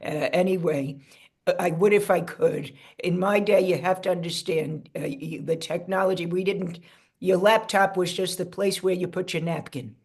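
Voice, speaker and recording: A woman's voice: lowish voice, fairly even intonation, normal speed, creaky, darkish tone, slightly rough, voice pushed down. Rich: A doting elderly great-aunt, as a woman puts her on, rambling through folksy asides. She sounds lost with modern gadgets and drifts off topic. Heard over a video call. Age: older. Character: elderly great-aunt, chatty and bewildered by technology.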